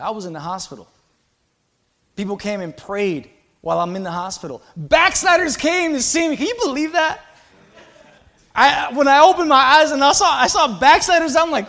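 A man with a strikingly high voice preaches a sermon to his congregation. He talks with passion, rising to loud exhortation and then dropping to quiet, confiding asides. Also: animated, moderate pace. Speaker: pastor.

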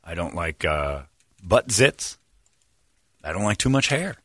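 A man co-hosting a podcast, bantering crudely, joking and mocking loudly with frequent laughter. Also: sits low, big pitch swings, a little slow, slightly rough, dry recording, clean studio sound. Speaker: podcast co-host.

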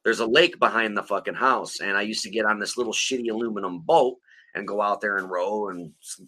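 A man's voice: fairly low pitch, a little fast, bright, forceful tone. A man co-hosting a podcast, telling a long rambling story full of profanity in casual chat. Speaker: podcast co-host.

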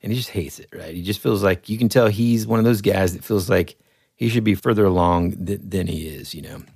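Man, deep gravelly voice, husky, dry close mic, casual podcast chat. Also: fairly quick, a little mellow, no room sound. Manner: laid-back, says man a lot. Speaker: podcast co-host.

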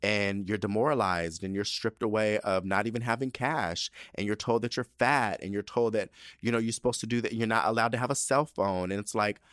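A man hosting a casual solo podcast, sassy and animated, using slang and swearing, often jumping into high excited bursts. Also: fairly quick, no echo, clean studio sound. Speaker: podcast host.

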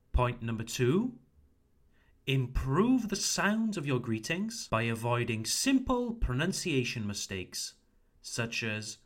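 A man hosting a podcast lesson, repeating model phrases slowly and clearly for learners to practise. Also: mid-range voice. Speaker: English teacher, podcast host.

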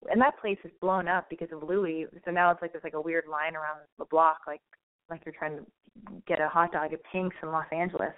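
A woman's voice: low voice, fairly even intonation, fairly quick. A young adult woman hosts a late-night call-in radio show. She rambles between blunt, profane advice and personal stories. Her voice comes through a narrow, phone-like band. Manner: candid, rambling, frank and profane.

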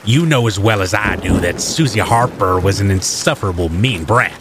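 A man voicing a creepy older man who talks in a low, slow, matter-of-fact drawl, over steady rain. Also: noisy background, natural voice. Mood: justifying.

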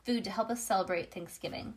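A woman's voice: mid-range voice, fast, close to an everyday voice. A woman voicing a stern but kind male schoolteacher who makes formal announcements to his class, in her own reading voice. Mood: announcing.

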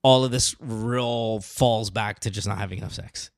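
A man's voice: fairly low pitch, steady tone, normal speed, no echo. A man hosting a call-in advice show, blunt and profane with emphatic stresses. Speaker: host. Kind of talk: casual advice chat.

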